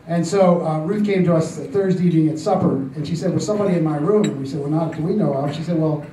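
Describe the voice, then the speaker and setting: An older man telling a story to a congregation, halting with many fillers and restarts and a gently amused tone. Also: on the high side, recorded from a distance, a little hiss or hum. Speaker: church speaker telling a testimony. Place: church hall. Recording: roomy church recording from off-mic with faint ambience.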